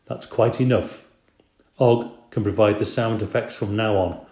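A man reading aloud, voicing a firm, patient woman schoolteacher who corrects her class calmly. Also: on the low side, measured pace. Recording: roomy echo.

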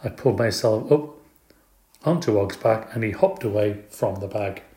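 A man narrating a children's storybook in an expressive, playful way. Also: lowish voice, normal speed. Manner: expressive, playful, does character voices. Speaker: audiobook reader. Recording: echoey room.

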